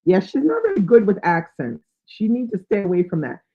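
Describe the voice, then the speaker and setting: A woman's voice: mid-range voice, huge pitch swings, fairly quick. A woman hosting a live book chat, reading out viewer comments and thinking aloud with fillers. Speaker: book channel host. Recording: tinny, phone-like sound.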